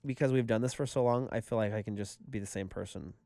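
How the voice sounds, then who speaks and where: Animated storytelling man, dry close mic. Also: on the low side, fast talker, no room sound. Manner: animated storyteller, acts out quotes. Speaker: podcast co-host. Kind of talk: casual chat.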